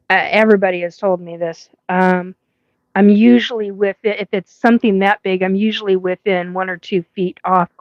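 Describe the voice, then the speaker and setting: A woman's voice: medium pitch, no room sound, highs cut off. A woman hosting a live paranormal stream, telling a rambling story with swearing and frequent laughs. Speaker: host of a live paranormal show.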